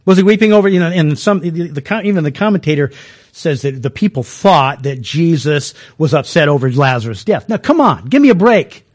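A man gives a relaxed, conversational sermon in a high voice. He chuckles often and trips over restarts, talking to his listeners like friends. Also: brisk. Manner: folksy, chuckling, many restarts. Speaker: preacher.

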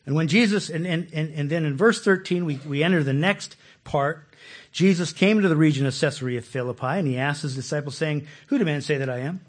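A man preaching a conversational sermon, animated and laughing often, repeating words as he starts sentences. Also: fairly high pitch, a little fast. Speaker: pastor.

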